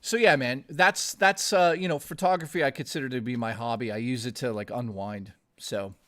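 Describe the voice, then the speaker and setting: A man's voice: medium pitch, normal speed, fairly bright tone. Rambling, foul-mouthed male streamer. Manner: rambling, swears often, addresses viewers as dude and guys. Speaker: gaming streamer. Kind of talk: casual live-stream chat.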